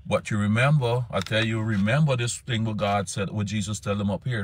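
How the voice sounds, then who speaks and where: A man preaching a sermon with fervor, his voice climbing high when he acts out desperate pleas. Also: lively intonation, moderate pace, hardly any pauses, a bit bright, no echo.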